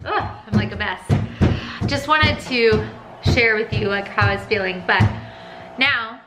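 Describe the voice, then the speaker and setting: A woman's voice: medium pitch, measured pace, over loud music, rough recording. A young woman, a stay-at-home mom vlogging at home in her kitchen, talking in an emotional, tearful, heartfelt way. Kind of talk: casual chat.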